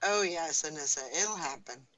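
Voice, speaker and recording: Bright-voiced grandmother chatting on air. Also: low voice, moderate pace, a little hiss or hum, low-quality recording. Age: older. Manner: sleepy, chatty, laughs easily. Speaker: morning show co-host. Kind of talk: casual radio chat.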